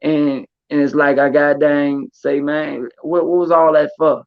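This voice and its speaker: A man's voice: fairly high pitch, flat delivery, measured pace, gravelly, no room sound. A man telling his story in casual talk, streetwise and full of repeated words and fillers. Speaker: podcast host. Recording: dull lo-fi recording.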